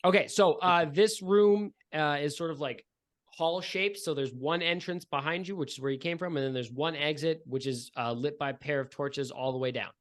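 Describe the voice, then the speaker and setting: Animated male game master, slightly high voice. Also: normal speed. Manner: chatty, descriptive, many fillers. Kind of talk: narrating a tabletop game.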